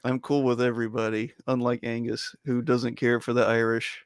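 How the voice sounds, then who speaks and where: A man's voice: medium pitch, level tone, moderate pace, clean tone, dry recording. A man on a casual podcast chat, making emphatic, opinionated points. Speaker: podcast guest. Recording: dry close mic.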